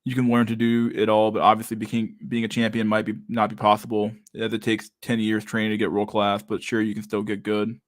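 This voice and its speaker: A man's voice: on the low side, monotone, fairly quick, hardly any pauses, no room sound, studio quality. A man in his thirties hosting a casual live stream, reading viewer comments aloud in a loose, profane way and saying "dude" a lot. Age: 30s.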